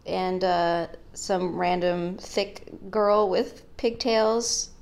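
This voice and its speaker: A young woman with a slightly low voice walks through her sketchbook in a loose, chatty vlog. She rambles and jokes, drifting into asides and filling gaps with casual fillers. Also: steady tone, drawn-out words, creaky, clear, resonant tone. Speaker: art vlogger.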